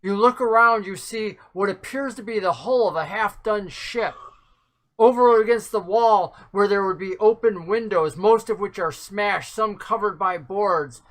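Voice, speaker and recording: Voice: mid-range voice, unhurried. A game master narrating a tabletop game with vivid, descriptive scene-setting.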